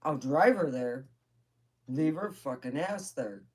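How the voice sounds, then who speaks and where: A woman voicing a protective father who makes blunt, swearing threats in a flat, matter-of-fact way, with a low and unhurried voice. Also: slightly rough, heavily acted.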